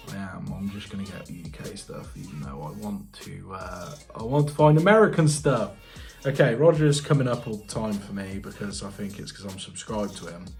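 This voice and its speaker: A man's voice: on the low side, moderate pace, creaky, darkish tone, soft background music. A British man, a plumber and channel host, chatting casually in a reaction vlog, thinking aloud and asking viewers questions. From United Kingdom.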